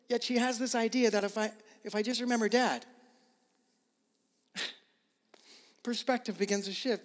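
A man's voice: extremely high pitch, unhurried, long pauses. A middle-aged man preaching a sermon as pastor, earnest and emotional, often repeating his words. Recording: reverberant hall.

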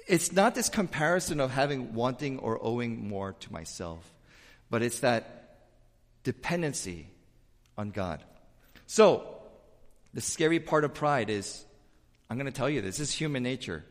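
A male pastor preaches in a lively, emphatic way, stumbling over repeated words when he gets going. His mid-range voice carries a long reverb from the church hall. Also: medium pitch, a little slow, long pauses. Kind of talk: sermon. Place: church sanctuary with pews.

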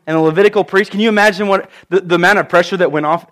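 A man preaching an animated sermon, acting out the voices of the people he quotes. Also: high voice, racing, hardly any pauses. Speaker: pastor.

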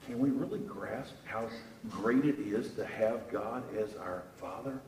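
A man preaching a sermon, telling a Bible story with animated rises and restarts. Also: lowish voice, measured pace, a little hiss or hum. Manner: animated storytelling, repeats words while searching. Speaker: pastor. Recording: echoey room from far off.

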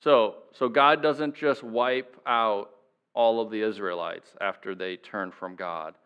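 A man's voice: fairly low pitch, steady tone, slow, clear, resonant tone, narrow, tinny audio. A man preaching a sermon in a conversational way, chuckling now and then and voicing the people he quotes. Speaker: pastor.

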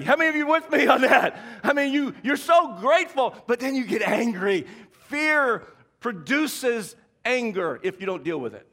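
Emphatic high-voiced preacher man. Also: animated, a little fast. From American South. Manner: emphatic preacher, swings from hushed to shouting, repeats key lines. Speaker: pastor. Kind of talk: sermon.

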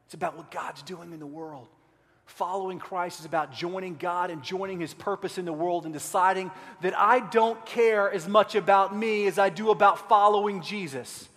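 High-voiced preaching man in a reverberant hall. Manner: impassioned preaching, swings from quiet to loud. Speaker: pastor. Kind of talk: sermon.

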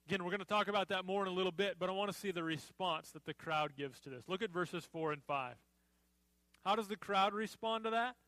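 A man preaches with a high, bright, ringing voice. He talks to the congregation in a loose, conversational way and slips into animated voices to act out the people he describes. The sound is close and dry, with no room echo. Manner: conversational preaching, acts out crowd reactions. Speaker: pastor. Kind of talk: sermon.

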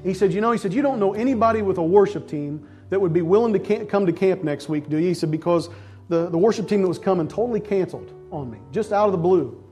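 High-voiced pastor telling a lively testimony. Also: male voice, fast, soft background music. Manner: animated storytelling, acts out voices and shouts. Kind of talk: sermon testimony.

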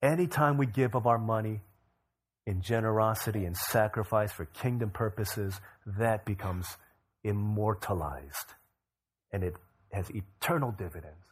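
A man preaching a sermon, with a low and slightly husky voice. He tells a story in an easy conversational way and pushes up in pitch and loudness when he stresses a point. Then he drops back down soft and low. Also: a little slow. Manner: energetic storyteller who rises in pitch and volume for emphasis, then drops low. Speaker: pastor.

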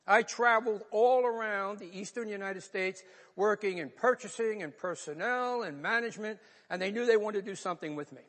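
A man's voice: high voice, fairly bright tone. An older man with a New York accent, a pastor preaching a sermon and telling a personal story in an earnest, emotional way. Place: church sanctuary. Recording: long reverb of a large hall.

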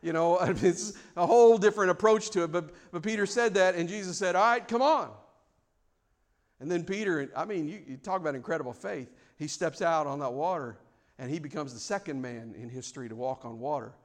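A male pastor delivers a sermon in a fairly high voice. He swings from loud, mock-formal prayers down to quiet, reflective passages. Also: a little fast.

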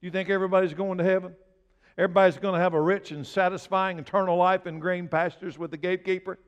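A male pastor preaching a sermon, asking his congregation direct questions and building to emphatic, loud bursts. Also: high-pitched, little pitch movement, quick pace, clear, resonant tone, lo-fi sound. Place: church sanctuary. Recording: long reverb of a large hall.

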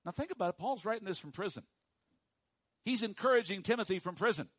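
A pastor preaching a sermon to his congregation, dropping to hushed, slow emphasis and rising to loud, high calls for the room to repeat after him. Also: lively intonation, slightly rough, no echo. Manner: swings from hushed low emphasis to loud high call-and-response.

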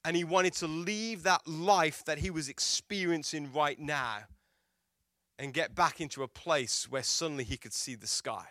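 A man preaching a sermon as a pastor, telling stories and asking the congregation questions, swinging between loud emphatic lines and hushed quiet ones. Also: on the high side, unhurried, dry recording, clean studio sound. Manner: storytelling with rhetorical questions to the congregation.

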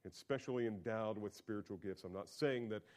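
A man preaching a sermon as pastor, talking conversationally and swinging from quiet asides to loud, emphatic peaks. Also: lowish voice, a little fast.

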